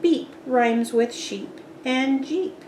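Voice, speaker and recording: A woman reading a picture book aloud to young children, pausing to ask which words rhyme and praising answers. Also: high voice, darkish tone, a little hiss or hum. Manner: patient, praising, asks questions. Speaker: storybook reader. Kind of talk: children's read-aloud with rhyming quiz.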